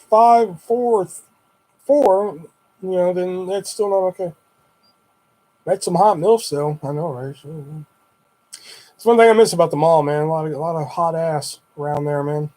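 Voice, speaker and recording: A man's voice: high voice, measured pace, warm tone. Profane young man telling stories loosely. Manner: profane, rambling, laid-back. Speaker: streamer. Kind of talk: casual livestream storytelling.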